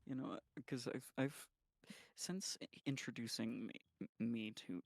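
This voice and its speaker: A man with a gravelly voice trades profane, teasing banter while playing a game. The mic is close and dry, with no room sound. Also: mid-range voice, unhurried, no echo. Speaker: streamer's friend and teammate. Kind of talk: casual chat while gaming.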